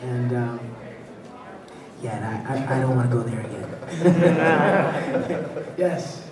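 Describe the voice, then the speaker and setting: A man on a convention panel telling stories with lively delivery, laughing often and acting out the people in his tales. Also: mid-range voice, takes it slowly, crowd noise. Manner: animated, laughs between anecdotes, acts out voices. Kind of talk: storytelling on a fan panel. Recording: echoey hall, voice from far off.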